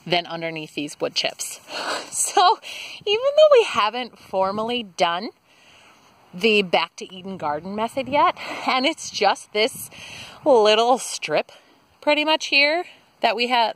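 This garden vlogger, a young woman with a fairly low voice, chats enthusiastically about plants while touring her garden outdoors. She speaks into a handheld camera mic, her breathing audible as she walks, with no room sound.

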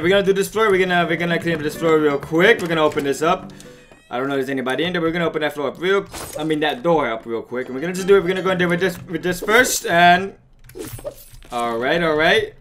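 Male gamer for commentary: frantic, excitable, bright-toned, very animated delivery. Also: a little high. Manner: frantic, excitable, chatty with viewers. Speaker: let's play gamer. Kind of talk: gaming commentary.

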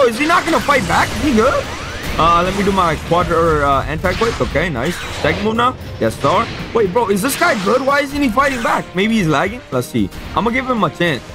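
A young man giving live gameplay commentary, excitable, swinging between flat mutters and frustrated shouts. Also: high voice. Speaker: gaming YouTuber. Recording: voice over loud game music. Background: game music.

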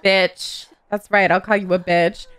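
Excitable potty-mouthed gamer girl chatting over gameplay, super animated voice. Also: on the high side, normal speed. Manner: excitable, gossipy and profane. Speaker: gaming YouTuber. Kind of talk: casual gameplay commentary.

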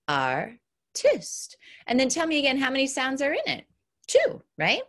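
A kindergarten teacher leads an online phonics lesson for young kids, sounding out words slowly and deliberately. Her pitch is bouncy and lively, her tone upbeat and encouraging, and she models each word clearly and with exaggeration.

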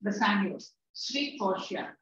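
A female English teacher lectures her class, paraphrasing the lines she reads, repeating herself and scolding the students. Her mid-range voice is expressive and a little slow. A distant room mic makes the recording echoey, distant, dull and noisy.

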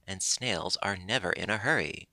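A man voicing a calm, unhurried female snail who serves in a fairy's house. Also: deep voice, dry recording, clean studio sound, heavily acted.

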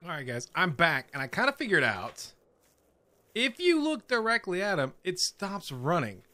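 A man's voice: sits high, wildly swooping pitch, normal speed, bright, forceful tone, no room sound. Jumpy man narrating a horror game. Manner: jumpy, swearing, nervous laughing. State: scared, on edge. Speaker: gaming channel host.

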